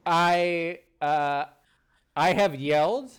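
A man in casual chat as a podcast guest, animated and quick to get riled up. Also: on the high side, clear, resonant tone.

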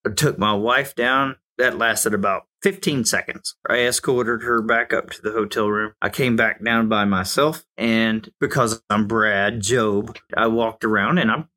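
A man's voice: lowish voice, fairly even intonation, unhurried, few pauses, bright, forceful tone. A man in his forties from the United States, giving an emphatic, opinionated monologue that rises to heated outbursts. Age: 40s.

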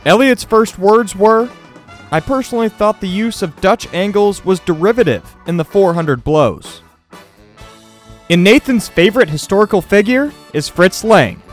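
A man's voice: sits high, lively intonation, normal speed, voice pushed up. A man voicing a grandiose movie-trailer announcer in a mock-pompous comic show intro. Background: faint music bed.

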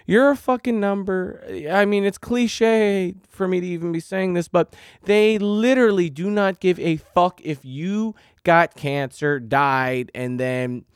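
A man's voice: sits high, unhurried, smooth, dry recording, clean studio sound. A man hosting a podcast, ranting in an agitated, profane monologue. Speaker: podcast host.

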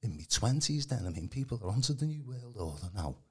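A man's voice: medium pitch, big pitch swings, fast talker. A man, giving a rambling casual testimony as a podcast guest, full of colloquial fillers. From Birkenhead, England. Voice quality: gravelly, very husky.

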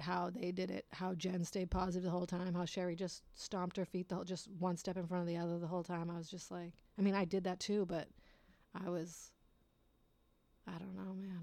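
A woman's voice: lowish voice, gravelly, darkish tone, dry recording. A woman telling a rambling personal story in a casual way, swearing often and laughing at herself.

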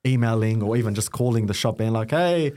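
Young Aussie guy, podcast guest, lower voice, animated storytelling. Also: brisk. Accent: Australian. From Australia. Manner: animated storytelling with acted-out quotes. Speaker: guest content creator. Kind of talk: casual podcast conversation.

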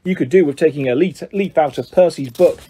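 A man reading aloud, voicing a fierce but caring witch mother who scolds her sons in a shrill voice. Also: fairly quick, husky. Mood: furious scolding. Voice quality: shrill, rising to shouts. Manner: fretful, sharp-tongued.

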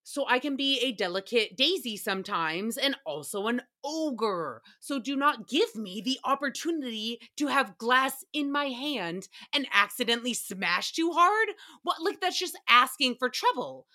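Woman doing a solo recap pod, sarcastic, laughs and swears a lot, bright voice. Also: a little high, expressive, unhurried. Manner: chatty, sarcastic, laughs often, swears freely. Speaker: podcast host.

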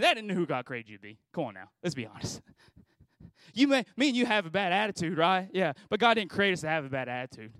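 A pastor in his thirties preaches to graduates in a loose, conversational way, piling up rhetorical questions and repeating himself for emphasis. His voice sits high for a man, and the recording is dry and close. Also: animated, a little fast, a bit bright, no room sound. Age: 30s. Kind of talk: sermon. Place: graduation service hall.

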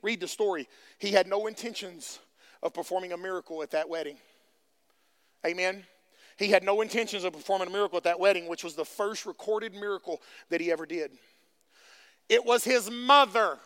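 A pastor preaching a fervent sermon, calling out to his congregation and swinging between hushed passages and shouts. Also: sits high, fairly quick, smooth. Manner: fervent preaching with call-and-response.

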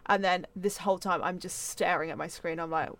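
A young woman from England co-hosting a casual podcast chat, telling an excitable story, swearing freely and acting out her own reactions. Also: on the low side, brisk. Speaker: podcast co-host.

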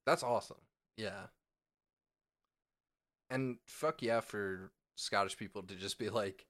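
A man's voice: on the low side, slow, pauses often, fairly bright tone. A man co-hosting a podcast in casual chat, laid-back and jokey, swearing freely. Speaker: podcast co-host.

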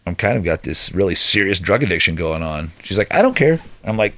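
Guy with a lowish voice telling his story on a podcast, chatty, does his buddies' voices. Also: a little fast, a bit bright. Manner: conversational storyteller, acts out friends' voices. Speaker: podcast guest.

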